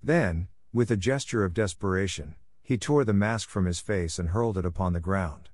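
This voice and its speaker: In a studio-quality recording free of echo, a deep-voiced man reads an audiobook. His storytelling delivery is steady and measured.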